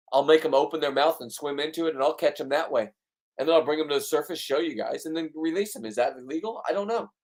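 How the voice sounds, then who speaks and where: A man narrating his own fishing video in a casual voice-over, blunt, boastful and full of swearing. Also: fairly high pitch. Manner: blunt, profane, ranting, boastful. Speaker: fishing vlogger.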